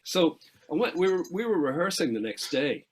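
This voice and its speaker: A middle-aged Irish man, a guest musician in an interview, telling lively anecdotes with quick asides and casual swearing. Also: on the high side, rough recording.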